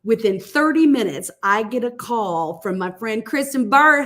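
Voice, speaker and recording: A woman's voice: fairly high pitch, measured pace, few pauses. Chatty woman guest telling stories. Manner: animated, chatty, with frequent fillers. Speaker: podcast guest. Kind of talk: casual storytelling.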